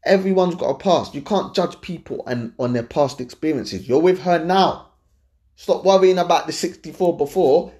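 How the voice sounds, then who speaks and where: A young man gives blunt, animated relationship advice in a casual, slangy way, repeating his points. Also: fairly high pitch, normal speed. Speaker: advice-giving host.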